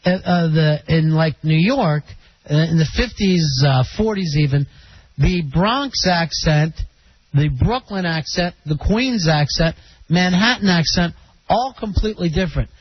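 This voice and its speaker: High-voiced male radio host. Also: expressive, measured pace, slight background noise. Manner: chatty, joking, takes callers. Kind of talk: casual call-in radio talk. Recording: dull lo-fi radio broadcast.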